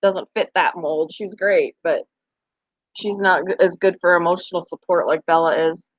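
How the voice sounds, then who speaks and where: A woman's voice: lowish voice, steady tone, moderate pace, no room sound, lo-fi sound. A young woman hosting a casual live-stream chat about her pets, answering viewers' comments as they come in. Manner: chatty, talks back to viewers' comments. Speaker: pet channel host.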